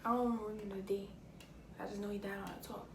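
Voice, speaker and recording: A woman vlogger tells a personal story in a halting, casual way, often pausing and correcting herself. She sounds set back from the mic in an echoey room. A clear layer of background noise runs under her voice. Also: mid-range voice, level tone, far from the mic.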